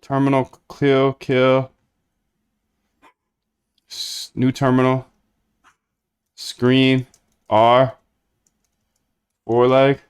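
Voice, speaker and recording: A man's voice: mid-range voice, monotone, very slow, long pauses, smooth. Chatty man thinking aloud while coding. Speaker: coding streamer. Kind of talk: casual live-coding chat.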